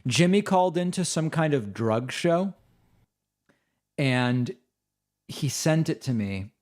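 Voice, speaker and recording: A man hosting a livestream, making quick casual asides and thanking viewers. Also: fairly high pitch, animated, a little mellow. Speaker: livestream host.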